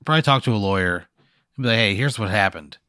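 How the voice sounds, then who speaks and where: A man bantering on a comedy podcast, low-key and exasperated, swearing often. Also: lively intonation, fast, pushed and bright, no echo, studio quality. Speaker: podcast co-host.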